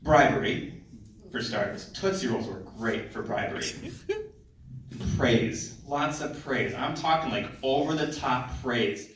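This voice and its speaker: A man performing a stand-up comedy set on a theater stage, conversational with deadpan punchlines. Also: medium pitch, unhurried. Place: theater stage, live audience. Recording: echoey hall from far off, audience noise.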